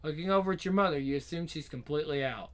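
A man reading a visual novel game aloud, narrating and adding quick lively asides. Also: on the high side.

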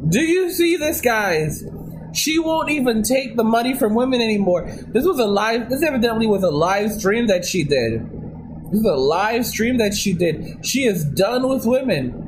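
A man's voice: sits high, lively intonation, moderate pace, slight background noise, poor audio. A man hosting a livestream, reacting to a clip with brash, mocking, crude commentary.

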